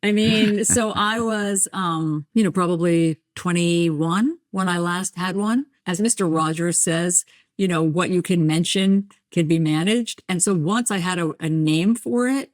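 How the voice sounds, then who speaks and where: Animated storytelling woman, dry close sound. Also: on the low side, measured pace, no echo. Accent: light New Jersey. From New Jersey. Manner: animated storyteller, acts out voices, self-deprecating. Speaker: podcast guest, journalist and author. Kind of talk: candid conversational interview.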